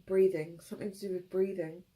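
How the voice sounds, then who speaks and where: A woman giving an intuitive tarot reading, tearful, speaking in gentle, halting phrases. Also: on the low side, level tone, low-quality recording. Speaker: tarot reader.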